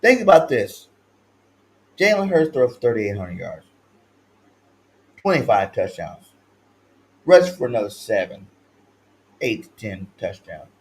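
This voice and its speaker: A man's voice: big pitch swings, slow pace, pauses often, poor audio. Hyped-up sports stream host, man. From California. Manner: hyped, swings between loud shouted chants and low mumbled asides; slangy, repeats catchphrases. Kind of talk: livestream sports talk.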